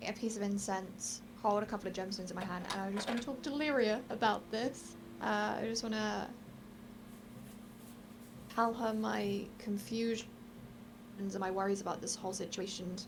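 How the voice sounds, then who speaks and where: A woman talks through her character's choices slowly and with some hesitation. Her voice has a gravelly texture. Clear room noise runs underneath. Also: medium pitch, fairly even intonation. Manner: thoughtful, hesitant. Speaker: player. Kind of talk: describing her character's actions.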